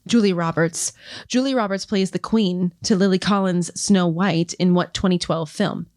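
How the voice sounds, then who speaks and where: Female podcast co-host, lower register, relaxed chatty recap of match scores, dry close-miked sound. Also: normal speed, no echo. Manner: reads out match results and trivia questions, then chats loosely. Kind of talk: casual chat recapping competition matches.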